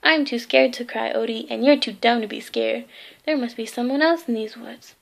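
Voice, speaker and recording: A woman's voice: on the high side, moderate pace, gravelly. A woman voicing a lazy, greedy, sarcastic male cartoon cat while reading a storybook aloud, grumbling in a dry tone. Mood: nervous.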